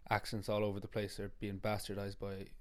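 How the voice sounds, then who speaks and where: A man's voice: fairly low pitch, monotone, fairly quick. A man with a Galway Irish accent chatting casually, blunt and swearing freely. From Galway, Ireland. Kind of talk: casual chat.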